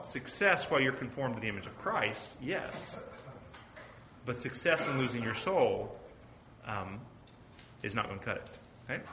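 Earnest man preaching, bright voice. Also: mid-range voice, a little hiss or hum. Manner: earnest, asks the group questions. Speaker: pastor teaching a Bible study. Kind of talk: conversational sermon. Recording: echoey room.

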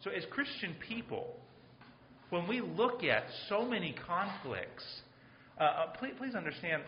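A male pastor delivers an earnest, pleading sermon, repeating himself for emphasis. His voice sits a little high for a man. It echoes through a roomy space on a slightly dull recording with faint noise. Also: big pitch swings, unhurried.

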